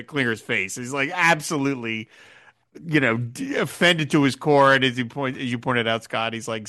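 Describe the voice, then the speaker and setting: A man hosting a podcast discussion, animated, laughing often and acting out quoted lines. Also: mid-range voice, normal speed. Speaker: podcast host.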